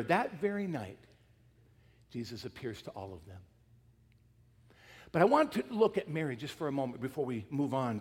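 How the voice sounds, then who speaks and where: A man preaching a sermon, retelling a story with acted quotes and dropping from loud emphasis to near-whispers. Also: fairly high pitch, husky, long reverb tail. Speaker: pastor.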